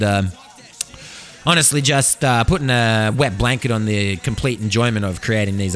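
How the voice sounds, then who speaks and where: A man's voice: on the low side, moderate pace, faint music behind. An Australian man hosting a solo podcast, freestyling a rambling, profane monologue full of slang, close on a studio condenser mic. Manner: rambling, profane, slangy, drifting loud and soft. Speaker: podcast host.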